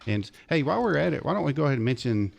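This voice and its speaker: A man hosting a racing radio talk show, chatting casually and telling stories in a relaxed, rambling way. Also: mid-range voice, very fast, gravelly. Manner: relaxed, rambling storytelling with fillers. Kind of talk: casual chat.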